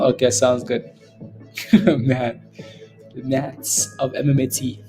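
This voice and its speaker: A man's voice: medium pitch, level tone, slow, long pauses, warm tone, faint music behind. A man hosting a live stock trading stream, chatting casually with viewers and chuckling often as he comments on the market. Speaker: stock trading livestream host.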